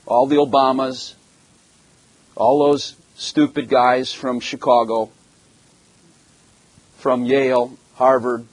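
The recording is low-quality and dry, with no room sound, carrying a man's medium-pitched, slightly rough voice. He is German-born and shares his testimony in a sermon, bluntly and humorously, pausing to ask the congregation rhetorical questions.

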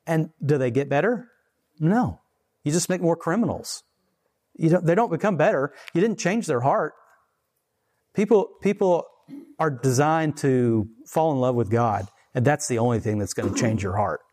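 A man's voice: on the high side, expressive, a little mellow. A man in his forties giving a casual, conversational sermon and chuckling between points. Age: 40s. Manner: conversational, chuckling, slows down to read scripture. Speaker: preacher.

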